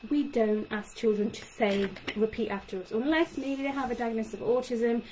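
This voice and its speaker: Animated woman speech therapist. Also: on the high side, normal speed, poor audio. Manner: animated, acts out child-directed phrases. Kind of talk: talk to parents. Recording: faint background noise.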